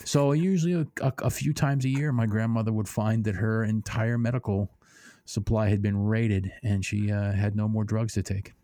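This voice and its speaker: Low-voiced man telling a rambling story. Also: steady tone, normal speed, warm tone, dry recording. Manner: rambling storyteller with many restarts and fillers. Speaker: podcast co-host. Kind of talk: casual chat.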